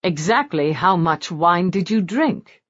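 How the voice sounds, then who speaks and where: A brooding nobleman with a silken, mocking tone, voiced by a woman reading a romance audiobook. His lines rise and fall in lively swings and carry a dry edge. The recording sounds dull and lo-fi. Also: high-pitched, slow, heavily acted. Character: brooding, silken-voiced lord with a bad leg.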